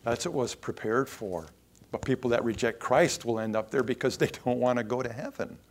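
A man preaching a sermon at a mid-range pitch. He swings between quiet asides and forceful, raised lines of scripture. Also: a little fast. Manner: preaching with rising emphasis and quoted scripture. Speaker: pastor.

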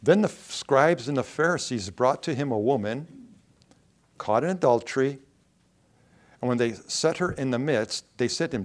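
A pastor delivers a sermon in an easy, conversational manner. His voice sits at a middling pitch, and he often turns to the congregation with questions and quick acted-out lines. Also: expressive. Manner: conversational preaching with rhetorical questions and acted-out quotes.

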